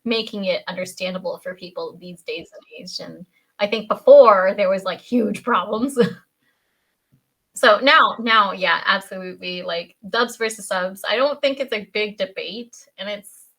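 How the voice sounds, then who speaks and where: A woman's voice: mid-range voice, fairly bright tone. A woman who is a parent, chatting as a podcast guest and playfully acting out quoted lines in silly voices. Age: adult, a parent. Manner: chatty, quick to act out quotes in funny voices. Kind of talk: casual chat.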